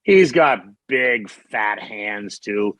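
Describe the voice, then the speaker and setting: A middle-aged man, a guest on a podcast, telling stories in a candid, animated, profane way and often restarting his sentences. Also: fairly low pitch, drawn-out words, no room sound, low-quality recording. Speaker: podcast guest, former hockey player. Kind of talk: casual storytelling interview.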